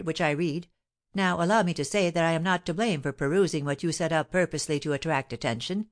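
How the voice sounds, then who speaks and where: A woman reading as a prim, indignant old gentleman. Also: lowish voice, lightly acted. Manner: prim, formal complaining. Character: placid older man turned indignant.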